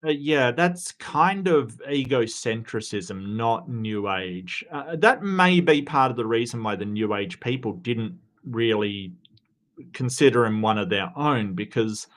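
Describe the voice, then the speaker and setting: A man's voice: medium pitch, animated, measured pace, a bit bright. A man giving casual commentary on video clips, rambling and often stammering as he restarts his sentences. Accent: non-American.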